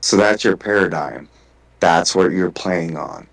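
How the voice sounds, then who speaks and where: A man's voice: sits low, unhurried, low-quality recording. A man in a casual podcast conversation, telling a long personal story with lots of swearing and restarts. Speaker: guest.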